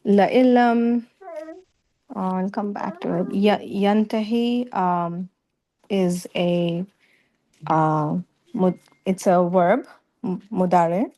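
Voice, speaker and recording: A woman student parses grammar aloud in class, hesitant and full of pauses. Her voice sits a little low. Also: fairly even intonation, dark tone. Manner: hesitant, many fillers while analyzing. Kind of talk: reading and parsing aloud in class.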